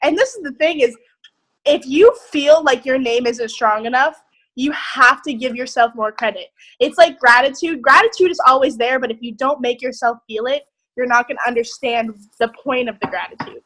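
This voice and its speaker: A young woman leading a group on a video call, giving an excited, emphatic motivational talk with casual swearing. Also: high voice, normal speed, rough recording. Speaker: group leader.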